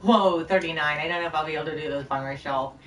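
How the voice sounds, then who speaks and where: A woman's voice: low voice, fast talker, fairly bright tone, a little hiss or hum. Chatty woman streaming, roomy and distant. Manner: scattered, rambling, chatty with viewers. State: short on sleep. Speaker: game streamer. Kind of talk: casual live-stream chat while gaming.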